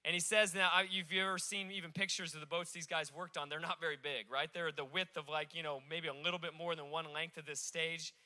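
A man from Alaska preaching from a stage, telling the story in an animated, joking way. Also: fairly high pitch, brisk, hardly any pauses. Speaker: pastor. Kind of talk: sermon.

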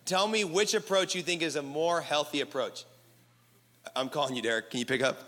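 A male pastor preaching to a live crowd, energetic and casual, leading the room in call-and-response. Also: on the high side, normal speed, pauses often. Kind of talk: sermon. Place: large hall with live audience. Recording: echoey hall reverb.

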